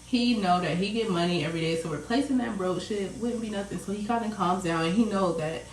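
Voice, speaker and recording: A woman's voice: mid-range voice, fast talker. Chatty, profane woman retelling her story. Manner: chatty, profane, talks straight to viewers. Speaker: author discussing her own book. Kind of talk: casual storytelling vlog. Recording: roomy sound, from a distance.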